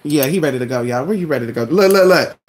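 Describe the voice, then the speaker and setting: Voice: mid-range voice, animated, fast, a little mellow. A host chatting casually at home with viewers, calling everyone "honey" and talking to their dog between remarks. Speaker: live-stream host.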